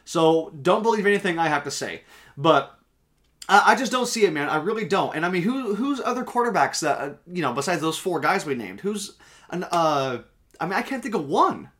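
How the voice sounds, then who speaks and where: A man's voice: sits high, big pitch swings, fairly quick, fairly bright tone. A young man with a slightly raised voice talks football on a casual podcast. He argues his picks emphatically, sure of his opinions, and swears casually as he goes. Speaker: podcast co-host. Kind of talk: casual sports podcast chat.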